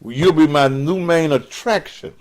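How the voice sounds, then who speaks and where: On a live stream, an older host rants profanely at commenters, crude and combative, cursing them and mocking them. He speaks on the high side at a measured pace.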